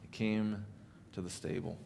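Man playing a wise stable donkey, low, quiet, gentle storybook voice. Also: level tone, unhurried, vocal fry, in a large hall, slight background noise. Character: calm, knowing stable donkey.

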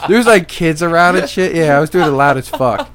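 A man's voice: on the high side, brisk, a crowd in the background. A man chatting casually, swearing often and acting out how angry he got. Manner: animated, swears often, acts out his own angry past lines. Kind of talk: casual chat.

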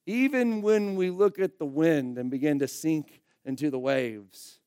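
A man, a pastor, preaching a sermon in a conversational, emphatic way, swinging between loud bursts and quiet asides. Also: a little high, measured pace, clean tone, no echo, clean studio sound.

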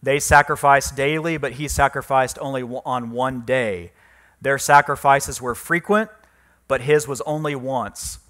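A man pastor preaching a sermon, reading scripture and explaining it, getting louder and slowing down on the key words. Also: medium pitch. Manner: emphatic preaching, rising loud on key phrases, slowing for stress.

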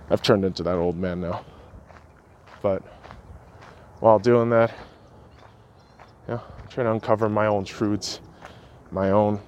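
A man's voice: lowish voice, a little mellow, a little hiss or hum. A man hosting a solo podcast, ranting in a profane and sarcastic way. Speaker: podcast host.

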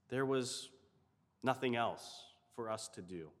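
Male chaplain, mid-range voice, measured storytelling in a reverberant hall. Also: medium pitch. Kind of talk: storytelling sermon.

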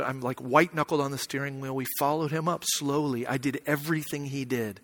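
A man's voice: mid-range voice, fairly even intonation, brisk, hardly any pauses, long reverb tail. A young man from Arizona, a pastor, telling a personal story in a sermon, casual and emotional, with lots of fillers.

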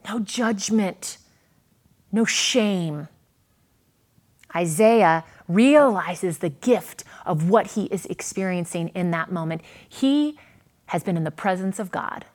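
A woman preaching a sermon, earnest, with dramatic pauses and a voice that swells and drops. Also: mid-range voice. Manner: earnest, dramatic pauses, rises and falls in volume.

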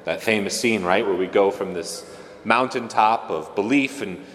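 A man's voice: fairly low pitch, moderate pace, fairly bright tone, big-room sound, a little hiss or hum. A man giving a casual, conversational homily as a priest, with joking asides and playful voices for the people he quotes.

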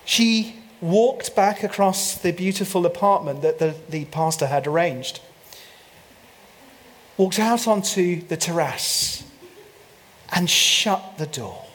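A man's voice: high voice, lively intonation, takes it slowly, fairly bright tone. A man preaching a sermon, telling a story with playful humor and mock French asides. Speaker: pastor. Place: church.

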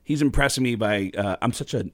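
Comedian guest, male, animated storyteller, dry close sound. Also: a little fast, no room sound. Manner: animated, jumps into high excited voices when quoting people. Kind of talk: casual storytelling.

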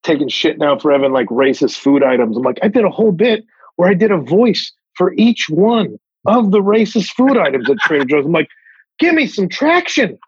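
Husky, animated male comedian guest. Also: fairly high pitch, a little fast, no room sound, dull audio. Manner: self-mocking, animated, drawled asides. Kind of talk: casual interview chat.

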